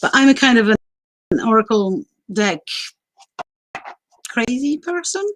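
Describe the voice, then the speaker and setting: In a rough recording with slight background noise, a woman hosts a casual livestream chat, laughing often and filling her speech with fillers. Her voice is high, expressive, slow and fairly bright, carrying a mixed international accent shaped by French and Greek as her first languages.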